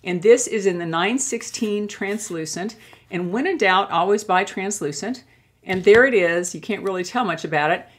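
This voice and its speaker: A woman's voice: mid-range voice, moderate pace. An older woman chatting to camera as a beauty vlogger, gushing as she reviews products she loves. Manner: warm and gushing, with many admiring exclamations.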